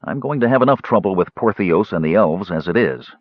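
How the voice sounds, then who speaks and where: A male narrator voicing a weary, caring male leader who speaks softly and earnestly. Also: sits low, lively intonation, a little fast, no room sound. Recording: dull dry studio recording.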